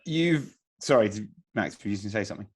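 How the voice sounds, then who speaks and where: A man hosting a casual podcast interview, asking questions conversationally with filler pauses. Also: lowish voice, lively intonation, slightly rough. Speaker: podcast host.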